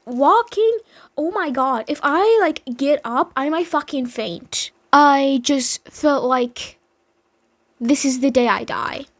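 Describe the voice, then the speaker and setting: A woman's voice: high-pitched, takes it slowly, no echo. A young woman telling a story in a casual vlog, dramatic and emphatic, swearing heavily. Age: young adult.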